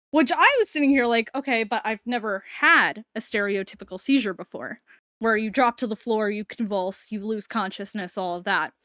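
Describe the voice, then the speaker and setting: Chatty woman streamer, slightly high voice. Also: fairly bright tone, no echo. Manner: rambling, candid, swears casually. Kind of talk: casual live-stream chat. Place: room at home.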